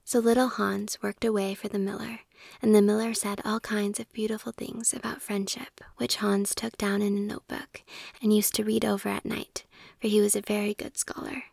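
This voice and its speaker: Woman whispering a story, gravelly. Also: medium pitch, little pitch movement, normal speed, darkish tone, no room sound, studio quality.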